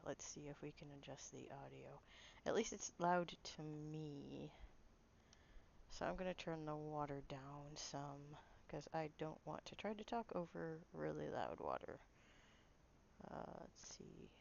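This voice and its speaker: A woman's voice: low-pitched, gravelly, lo-fi sound, a little hiss or hum. A woman streaming a game, chatting casually, apologetic and laughing at herself. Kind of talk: casual gameplay chat.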